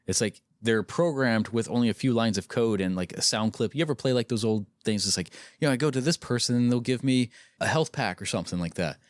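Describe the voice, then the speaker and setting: A man's voice: medium pitch, quick pace, no room sound, clean studio sound. A man hosting a casual podcast with friends, ranting bluntly and with exasperation, swearing freely. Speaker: podcast host.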